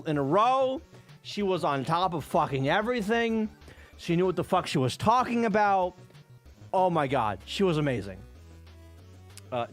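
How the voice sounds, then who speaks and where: An animated man streamer tells casual stories in a fairly high voice that rises and falls a great deal. He swears freely and laughs often. Faint music plays in the background. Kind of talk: casual storytelling on a live stream.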